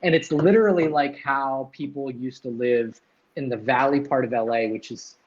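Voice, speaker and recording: A man's voice: mid-range voice, moderate pace, darkish tone. Rambling man on dull lo-fi audio. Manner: rambling, swears casually. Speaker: livestream host. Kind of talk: casual livestream chat. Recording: dull lo-fi sound.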